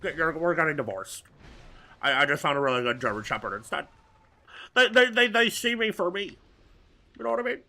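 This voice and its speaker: Man, high and bright voice, rambling gameplay commentary with absurd crude jokes. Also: expressive, quick pace. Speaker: gaming video host. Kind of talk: let's-play commentary.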